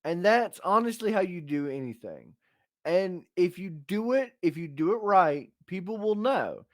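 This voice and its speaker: A man whose voice sits high co-hosts a podcast, animated but at a measured pace, ranting bluntly and profanely about tough love in casual opinionated chat. Studio quality, no room sound.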